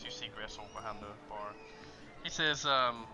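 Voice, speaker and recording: A man running a tabletop game as game master, narrating in a halting way full of fillers over online voice chat. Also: mid-range voice, bright, forceful tone, faint music behind.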